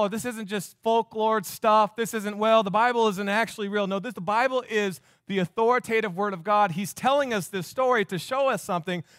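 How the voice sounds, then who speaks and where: A pastor preaching a sermon, emphatic and fond of repeating phrases for effect. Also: male voice, sits high, a bit bright, no room sound, studio quality.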